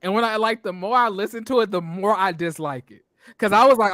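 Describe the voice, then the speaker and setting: A man hosting a casual review show, talking in an animated, emphatic way and acting out what people on the show said. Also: high voice, fairly quick, no echo, studio quality. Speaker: show host reviewing reality TV. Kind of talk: casual commentary.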